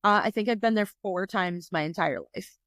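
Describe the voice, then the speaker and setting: A woman's voice: mid-range voice, normal speed, a bit bright, no echo. Chatty, upbeat woman podcast host. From New York State, USA. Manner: chatty, upbeat, many "like" fillers. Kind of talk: casual interview chat.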